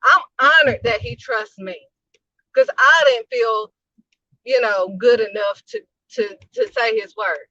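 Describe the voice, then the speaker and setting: Emphatic preaching woman, bright and dry. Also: a little high, a little slow, no echo, dull audio. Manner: emphatic, repetitive, punchy phrases. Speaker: host of a faith channel. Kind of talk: casual preaching to camera.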